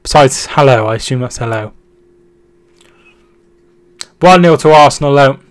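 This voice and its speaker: This young man's voice sits in the middle range, at a moderate pace, with a clean tone and no echo. Running a relaxed football stream, he reads out chat, thanks his viewers, gives match updates, trails off and restarts, and yells excitedly when goals go in.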